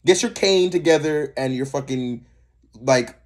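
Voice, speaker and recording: A man's voice: mid-range voice, measured pace. A young man co-hosting a reaction video, ranting in heated, profane casual commentary.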